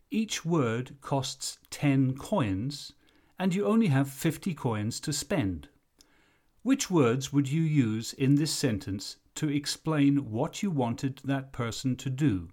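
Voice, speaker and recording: A man teaching an English lesson, explaining things slowly and carefully. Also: mid-range voice, animated, a little mellow. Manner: slow, careful explanatory delivery. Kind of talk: recorded lesson narration.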